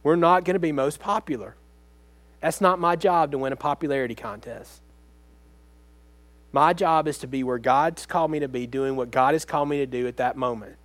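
A man's voice: medium pitch, moderate pace, a bit bright, no room sound. A man preaching a sermon as pastor, speaking earnestly and conversationally, often turning to the congregation with direct questions.

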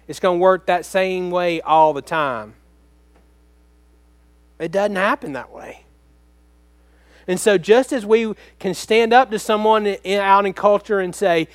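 A man's voice: high-pitched, a little slow, pauses often, no echo. A man preaching a sermon as pastor, speaking earnestly and conversationally, often turning to the congregation with direct questions.

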